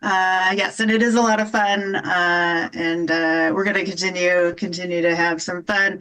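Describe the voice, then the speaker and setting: Relaxed Midwestern woman comic. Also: lowish voice, moderate pace, clear, resonant tone, poor audio. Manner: relaxed, filler-heavy. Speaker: comedian. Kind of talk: casual chat before a set.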